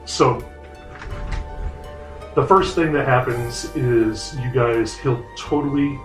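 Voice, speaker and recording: A man's voice: mid-range voice, takes it slowly, soft background music. Casual, swearing male game master. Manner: casual, swearing, rambling with fillers. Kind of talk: narrating a tabletop game.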